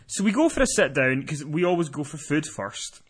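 A man's voice: on the high side, sing-song, normal speed, husky. A man chatting on a podcast, telling a rambling story with many restarts. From lives in Scotland. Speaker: podcast co-host. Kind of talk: casual podcast chat.

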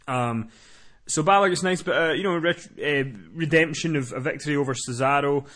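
A man recapping wrestling in casual podcast chat, animated and swearing. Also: a little high, a little fast. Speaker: podcast co-host.

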